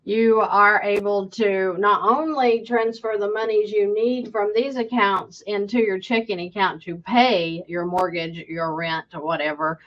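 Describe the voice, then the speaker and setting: A woman's voice: mid-range voice, lo-fi sound. A woman, a financial coach, answers viewer questions emphatically and keeps checking in with "okay?". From United States.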